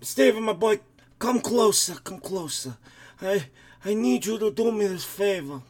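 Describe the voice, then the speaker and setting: A man putting on a slow, menacing old mob boss. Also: high-pitched, lively intonation, a little mellow, pitched above the performer's own voice. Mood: coaxing. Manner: slow, drawn-out, growling mobster delivery. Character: aging Italian-American mob boss, menacing, theatrical. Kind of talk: comedic impression in podcast chat.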